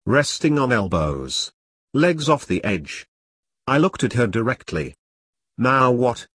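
A man narrating a first-person detective novel in a wry, deadpan, self-mocking way. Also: mid-range voice, husky, no echo, clean studio sound. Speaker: audiobook narrator.

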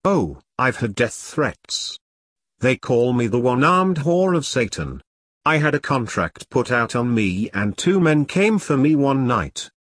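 A man's voice: mid-range voice, very animated, unhurried, a bit bright, slightly rough, full character voice. A man voicing a fierce, foul-mouthed woman in an audiobook, speaking bluntly and defiantly. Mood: matter-of-fact. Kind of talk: audiobook character reading.

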